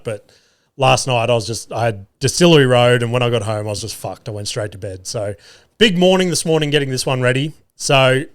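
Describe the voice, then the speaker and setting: A young adult man, hosting a podcast in casual chat, rambling through stories and swearing freely. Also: medium pitch. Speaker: podcast host.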